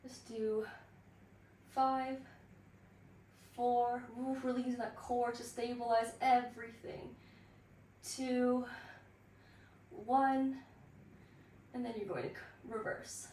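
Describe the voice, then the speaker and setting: Woman pilates instructor, slightly high voice, breathless, far from the mic in an echoey room with faint background noise. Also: flat delivery, warm tone. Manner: slow counting cues with light laughs. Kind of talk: guided workout class. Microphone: built-in device mic.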